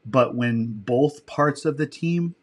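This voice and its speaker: A man's voice: mid-range voice, slow. A man telling stories as a podcast guest, rambling, swearing casually and correcting himself mid-sentence. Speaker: podcast guest, military dog handler. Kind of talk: casual interview storytelling.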